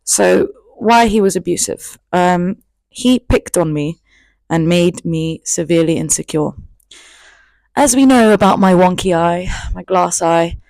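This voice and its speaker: A woman's voice: on the low side, unhurried, gravelly, darkish tone, no room sound. A woman in her twenties telling a personal story in a chatty, candid, self-mocking vlog. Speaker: vlogger.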